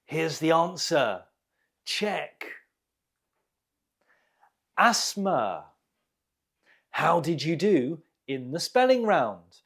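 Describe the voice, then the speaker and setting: Male english teacher, very slow delivery, lively pitch, quiz host. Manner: slow, deliberate model pronunciation. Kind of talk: quiz lesson.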